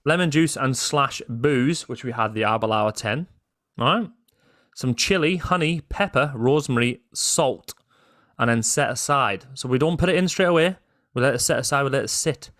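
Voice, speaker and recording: A man's voice: medium pitch, a bit bright, no echo. Northern Irish male co-host, blunt and argumentative, dry close mic. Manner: blunt, listing items slowly, argumentative. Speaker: podcast co-host. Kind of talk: casual chat.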